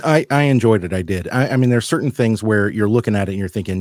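A man chatting on a podcast, telling wry stories in an easy, relaxed way. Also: on the low side, fairly quick, few pauses, no room sound, studio quality. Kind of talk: casual chat.

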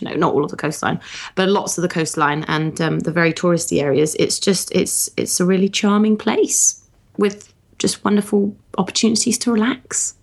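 A woman in her thirties co-hosting a podcast in casual chat, chatty and often laughing. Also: fairly low pitch. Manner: chatty, giggly, animated. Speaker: podcast co-host.

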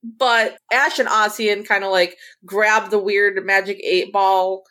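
A woman's voice: medium pitch, little pitch movement, takes it slowly, a bit bright. A woman co-hosting a casual podcast, animatedly retelling scenes with quoted lines and laughter. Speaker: podcast co-host. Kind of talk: casual recap chat.

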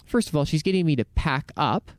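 A man's voice: fairly high pitch, fairly quick, no echo. A man telling a crude story in casual chat, swearing often and acting out the voices of the people in it. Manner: animated storyteller, swears a lot, acts out quotes. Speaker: podcast co-host.

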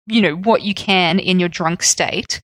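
A woman's voice: on the low side, measured pace, fairly bright tone, no room sound. A woman co-hosting a casual podcast, joking and bantering with her co-host. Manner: jokey, banters and interjects. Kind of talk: casual chat.

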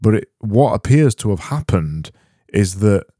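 Mellow-voiced man rambling deadpan. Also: on the low side, unhurried, dry recording, studio quality. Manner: rambling, self-deprecating, deadpan. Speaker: podcast host. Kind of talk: solo comedy podcast monologue.

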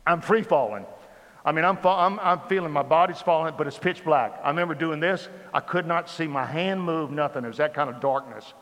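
A man giving a sermon testimony, telling his story with lively repetition. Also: a little high, fairly quick, in a large hall. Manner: animated storytelling with repeated phrases. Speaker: preacher.

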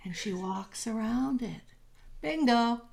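A woman speaking as a spiritual coach in relaxed podcast conversation. Her voice sits a little high, and she tells stories with energy, acting out the voices in them. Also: takes it slowly, gravelly. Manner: animated, acts out voices in stories. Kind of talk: casual podcast chat, storytelling.

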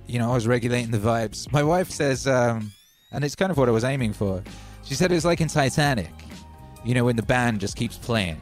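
A man's voice: mid-range voice, a little mellow. A man hosting a livestream, telling rambling, wry stories in a casual chat from home. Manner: chatty, wry storytelling with hype openers. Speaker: livestream host.

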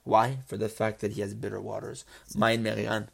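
A man's voice: fairly low pitch, monotone, moderate pace, vocal fry, breathy edge. A man teaching a religious text lesson who reads Hebrew phrases, translates each, and answers his own rhetorical questions. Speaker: Torah teacher.

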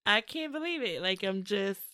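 A middle-aged woman in easy podcast chat, given to teasing and quick laughter. Her voice sits at an ordinary pitch for a woman, recorded close and dry with no room sound at all. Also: animated, sharp tone, no room sound. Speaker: podcast co-host, mother. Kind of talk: casual family podcast chat.

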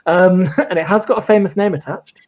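A man's voice: sits high, a little fast, lo-fi sound. Chatty man telling lawyer stories. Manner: chatty, swears and laughs often, many fillers. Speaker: podcast guest, former lawyer. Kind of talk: casual chat, storytelling.

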